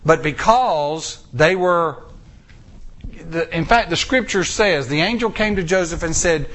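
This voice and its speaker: High, lively preacher man telling a story. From United States. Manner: storytelling, acting out characters' lines in lively voices; drawn-out, emphatic pauses. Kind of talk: sermon.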